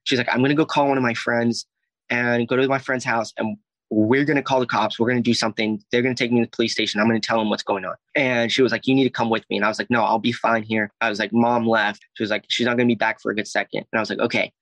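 A man's voice: mid-range voice, steady tone, fast talker, a bit bright, no room sound, poor audio. A young man from Alabama, telling a personal story in a casual, rambling way full of "like" and swearing. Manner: rambling, heavy "like" and "I was like", frequent swearing. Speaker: guest telling his story.

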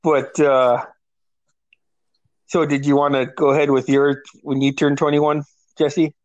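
A man's voice: on the high side, flat delivery, unhurried, no room sound, dull audio. A man in his thirties casually telling a profane, laughing story to his sisters. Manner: profane, laughing storyteller who acts out quoted voices. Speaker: older brother telling a story.

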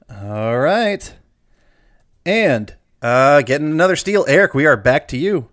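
A man hosting a trivia game, reading questions aloud and drawing out the verdicts. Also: fairly high pitch. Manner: lively, drawn-out emphasis on answers. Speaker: quiz host.

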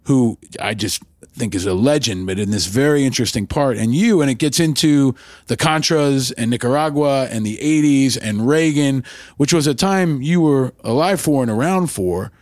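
A man's voice: medium pitch, moderate pace, darkish tone, no echo, clean studio sound. A man hosting an interview, effusive and asking long, rambling questions. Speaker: host.

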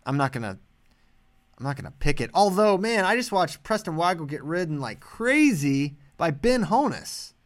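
A man co-hosting a podcast, chatting casually about wrestling picks with quick, animated banter. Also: fairly high pitch. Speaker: podcast co-host. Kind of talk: casual sports chat.

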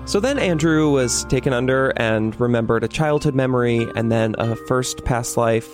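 A man hosting a podcast talks in a blunt, playful way and swears now and then. His voice is mid-pitched. Faint music sits quietly behind him. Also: normal speed. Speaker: podcast host. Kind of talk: casual podcast talk.

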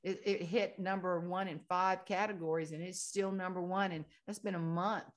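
A woman with a Southern American drawl and a slightly low voice, talking as a guest author in an interview. She tells folksy stories with plenty of animation and often laughs her way through the punchlines. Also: steady tone, moderate pace. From Southern United States. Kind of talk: casual storytelling interview.

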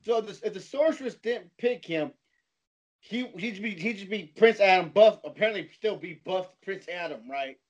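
A man's voice: high-pitched, moderate pace. A man in casual chat with friends, talking loosely with many fillers. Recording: dull lo-fi sound.

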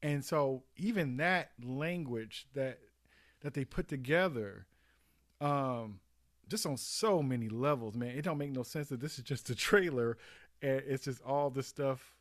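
A man's voice: mid-range voice, measured pace, no room sound. Guy gushing about a movie trailer on a podcast, dry close sound, lots of restarts. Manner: animated, emotional, rambling with restarts. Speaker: podcast co-host. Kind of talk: casual chat.

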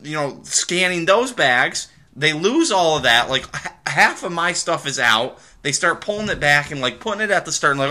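A man's voice: fairly high pitch, big pitch swings, normal speed, bright, forceful tone. A young adult man from the American Midwest hosting a casual solo podcast, telling rambling stories full of fillers and restarts. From Midwest United States. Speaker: podcast host.

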